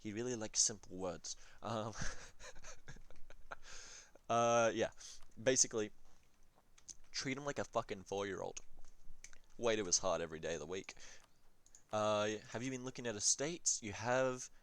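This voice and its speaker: A man's voice: lowish voice, a little slow, long pauses, a bit bright, dry recording. A young man rambling through advice on a strategy game, swearing and joking, often trailing off with ums. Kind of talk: casual rambling game commentary.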